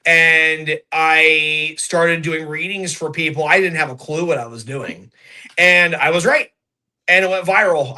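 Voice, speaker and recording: A man's voice: on the high side, bright, forceful tone. A man, a psychic medium, telling his story in a rambling, enthusiastic way on a video call. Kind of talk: casual interview over video call.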